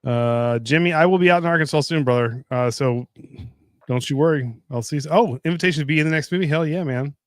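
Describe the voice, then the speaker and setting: A middle-aged man hosting a casual whiskey tasting livestream, telling a story with lively impressions of others. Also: fast talker, no room sound. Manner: animated storyteller, jumps up high when imitating others. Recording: dry close sound.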